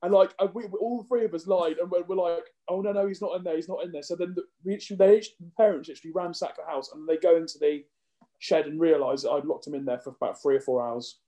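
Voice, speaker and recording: A man's voice: a little high, steady tone, fast talker, dark tone. A young man co-hosting a podcast, rambling and self-deprecating in casual chat. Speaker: podcast co-host.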